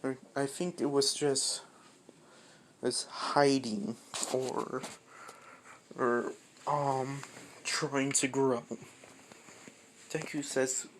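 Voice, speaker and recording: A narrator improvising a fan-fiction story in a casual, halting way, full of restarts and casual swearing. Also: mid-range voice, steady tone, slight background noise.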